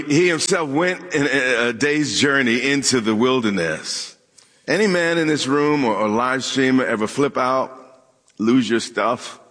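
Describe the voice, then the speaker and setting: A male pastor preaching to a church congregation, mixing humor with pointed questions to the room. His voice sits at an ordinary pitch and rings with a long hall reverb. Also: a bit bright. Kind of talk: sermon.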